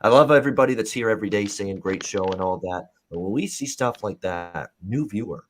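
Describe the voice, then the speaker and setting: A man's voice: fairly low pitch, quick pace, slight background noise. A man hosting a live sports betting talk show, talking in a loose, rambling way with many fillers and reading out viewer comments. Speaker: host.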